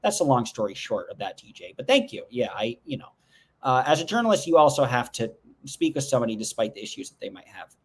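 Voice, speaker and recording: A man's voice: medium pitch, sing-song, quick pace. A man hosting a casual livestream, rambling through viewer comments with restarts and joking asides. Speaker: livestream host. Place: indoors at home.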